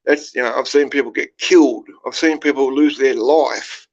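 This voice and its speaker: An Australian man hosting a livestream, spinning crude tales full of swearing and endless "right?" check-ins. His voice sits in an ordinary middle pitch, and the audio comes through dull and lo-fi. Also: fairly even intonation, moderate pace. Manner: heavy swearing, rambling, keeps checking in with "right?". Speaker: livestream host. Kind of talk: casual storytelling to a live chat.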